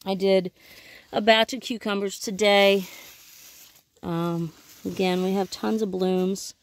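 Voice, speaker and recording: A woman's voice: medium pitch, fairly even intonation, slow pace. A woman giving a casual, rambling tour of her vegetable garden outdoors, filming it herself and correcting herself as she talks. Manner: chatty, rambling, self-correcting. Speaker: homesteading vlogger. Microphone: handheld camera she films herself.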